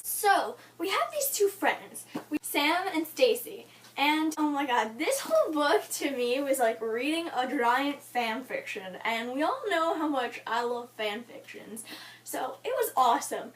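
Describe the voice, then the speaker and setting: Gushing young woman, high and lively. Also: measured pace, far from the mic. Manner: gushing, animated, giggly fangirl rambling. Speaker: book vlogger. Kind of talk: casual book review chat.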